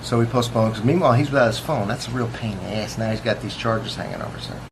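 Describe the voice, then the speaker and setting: A man's voice: on the low side, very animated, fast talker, gravelly. Boastful man with a noisy recording. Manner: boastful and contemptuous. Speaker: police officer. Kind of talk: casual monologue to camera.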